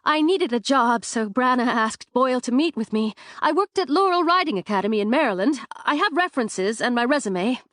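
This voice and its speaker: A woman narrator voicing a nervous young woman who chatters quickly when flustered. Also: on the high side, lively intonation, fairly bright tone, no echo, clean studio sound.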